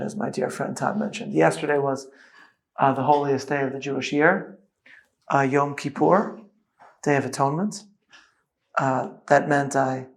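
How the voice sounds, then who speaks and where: A man's voice: medium pitch, gravelly. A middle-aged rabbi, a man who is a witty storyteller, talking as the guest of a live onstage conversation. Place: event hall with audience.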